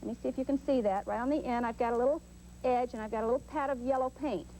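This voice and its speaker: Woman painting instructor, high voice, gentle and encouraging, faint hum of old tape. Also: fairly even intonation, racing, low-quality recording. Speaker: painting show host. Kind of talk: step-by-step painting demonstration. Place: TV studio.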